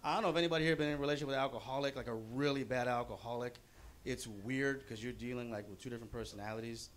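A man's voice: medium pitch, racing. A man doing a stand-up comedy set at a bowling-alley showcase, talking loosely with lots of fillers. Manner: loose, chatty delivery with frequent fillers.

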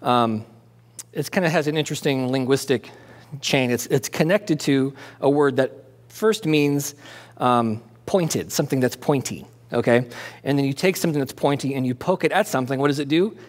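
A man preaching an expository sermon as pastor, conversational and animated, asking and answering his own questions and dropping jokey asides. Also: medium pitch, normal speed. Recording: long hall reverb.

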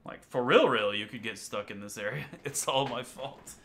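A young male streamer comments casually on a game he plays live, chatting and laughing with his viewers as game music plays behind him. His voice is medium-pitched and a bit bright at normal speed, with slight hiss or hum.

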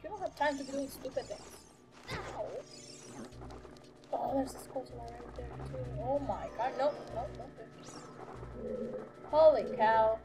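Young woman, high-pitched, jumpy, gasping, game music behind. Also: unhurried, pauses often. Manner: jumpy, nervous, gasping and exclaiming. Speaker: let's play gamer. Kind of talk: frightened gameplay commentary.

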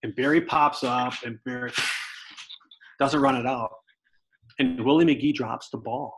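A middle-aged man telling lively stories as a guest, a former baseball player. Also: medium pitch, unhurried, background noise. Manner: animated, lively storyteller. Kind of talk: storytelling anecdotes.

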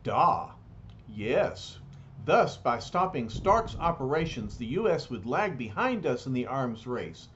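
A man reading a storybook aloud, voicing a cowardly, scheming male dictator who turns panicky and shrill. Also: very animated, slow, a bit bright, highs cut off, slight background noise.

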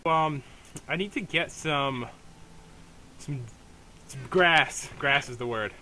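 Young male let's play host, bright and a bit high, rambling with fillers, faint noise behind. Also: slow. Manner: rambling, hesitant, many fillers and restarts. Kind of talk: casual gameplay commentary.

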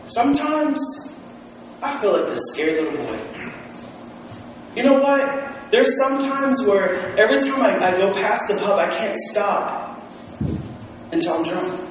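High-voiced pastor preaching in an echoing hall. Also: male voice, measured pace, long pauses, a little hiss or hum. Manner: animated storytelling with acted-out quotes. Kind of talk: sermon. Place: church sanctuary. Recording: echoey hall from far off.

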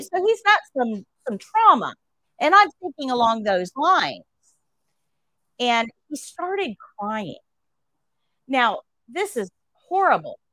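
A woman's voice: on the high side, fairly bright tone, no echo, low-quality recording. A woman nursing instructor telling a story to her class during a livestream, asking rhetorical questions as she goes.

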